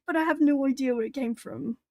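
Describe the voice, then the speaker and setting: A woman's voice: sits high, a little mellow, no room sound. Chatty woman with a hard-to-place accent. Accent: hard-to-place English accent, British-tinged. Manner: chatty, rambling, laughs often, self-corrects. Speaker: art streamer. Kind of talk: casual livestream chat while drawing.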